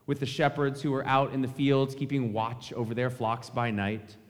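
A male pastor gives a Christmas Eve sermon, telling a relaxed story and speaking to the children. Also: mid-range voice, normal speed. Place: church sanctuary. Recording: long church reverb.

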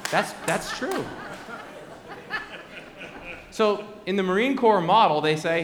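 A man's voice: high voice, expressive, normal speed, a bit bright. A man preaching a sermon as pastor, conversational and fond of repeated refrains, in a large church sanctuary. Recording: echoey hall with long reverb.

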